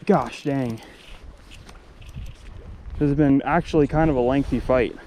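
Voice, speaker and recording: Male fishing vlogger, mid-pitched, excitable running commentary, outdoor river audio with wind and water. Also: unhurried. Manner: excitable, talks straight to viewers, repeats exclamations. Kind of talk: live commentary to viewers while fishing.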